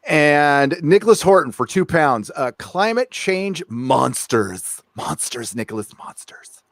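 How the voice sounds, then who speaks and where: A man's voice: on the high side, sing-song, slow, gravelly, dry recording, studio quality. A man hosting a casual live stream, rambling and joking as he reads out viewer messages. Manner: rambling, jokey, reads out paid chat messages.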